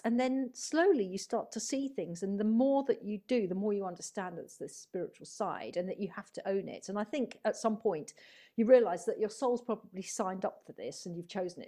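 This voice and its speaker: A woman's voice: medium pitch, mellow. A middle-aged woman, a psychotherapist and healer, talks reflectively in a rambling, storytelling way and acts out the voices she quotes. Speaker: guest, psychotherapist and spiritual healer. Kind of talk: conversational storytelling interview.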